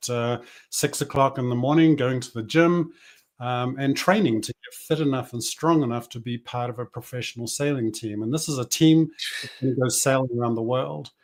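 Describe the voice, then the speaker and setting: A man's voice: mid-range voice, a little mellow. A middle-aged man with a New Zealand accent, a business coach guest telling his story in an easygoing way. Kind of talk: casual podcast interview.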